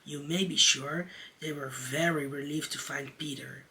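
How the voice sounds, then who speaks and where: Drag queen reading a storybook out loud, slow and careful, bright sharp tone, sounds a bit far from the mic. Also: fairly high pitch, fairly even intonation. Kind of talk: storybook read-aloud.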